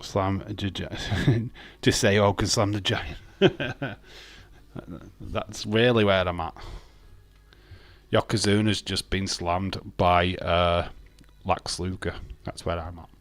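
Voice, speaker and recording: A man's voice: sits low, fairly even intonation, takes it slowly, dry recording. A man hosting a live watch-along, chatting casually and joking with his viewers, often laughing. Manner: talks to viewers and chat by name. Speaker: livestream host.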